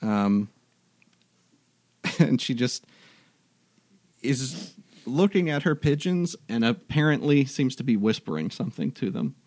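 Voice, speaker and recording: A game master narrating a tabletop game in a relaxed, descriptive way. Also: mid-range voice, measured pace, pauses often, dry recording.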